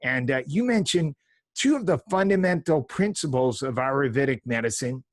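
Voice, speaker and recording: A man's voice: medium pitch, lively intonation, normal speed, dry recording. Man in his fifties hosting a podcast. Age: 50s. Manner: reads a formal guest introduction, with fillers. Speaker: podcast host, chiropractor. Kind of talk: interview podcast.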